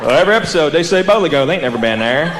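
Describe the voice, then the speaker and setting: A man quoting a dim-witted, puzzled buddy in a slow, baffled drawl, on a live comedy stage with the audience laughing. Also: a little high, animated, reverberant, crowd noise, noisy background, pitched below the performer's own voice, close to an everyday voice.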